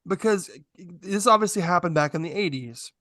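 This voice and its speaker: Rambling, animated podcast guy. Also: high-pitched, normal speed, dry recording, studio quality. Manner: animated, rambling, many fillers. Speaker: podcast co-host. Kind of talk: casual podcast chat.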